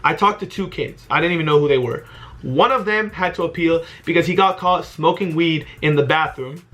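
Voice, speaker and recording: A young man telling a casual storytime vlog, animated and exasperated, with frequent swearing. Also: a little high, fairly quick. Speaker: vlogger.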